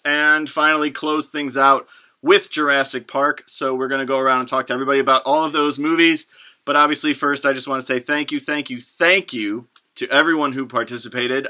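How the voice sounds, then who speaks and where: Chicago guy hosting a podcast, all hyped up, bright punchy voice, pitched a bit high. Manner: energetic, hyped-up, rapid and joking. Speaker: podcast host. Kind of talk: excited group podcast chat.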